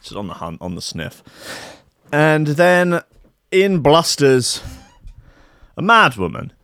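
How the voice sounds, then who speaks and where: A man's voice: fairly high pitch, very animated, slow pace, fairly bright tone, smooth, no room sound, clean studio sound. A man telling a comic anecdote in a wry, rambling, sarcastic way. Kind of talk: comic storytelling monologue.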